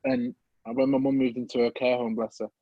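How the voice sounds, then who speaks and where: Young man, Midlands accent, podcast guest, animated storytelling, middle pitch, dry slightly dull sound. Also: fairly quick, dry recording. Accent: English Midlands. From England. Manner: animated, acts out voices of people in his story. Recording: slightly muffled dry recording.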